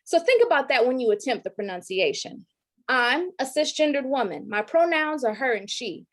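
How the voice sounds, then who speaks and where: A woman's voice: high-pitched, lively intonation, normal speed. A woman in her thirties, an educator giving an online training talk and reciting a spoken-word poem in an earnest, rhythmic way. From Detroit, raised in Georgia. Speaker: presenter, educator. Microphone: video call.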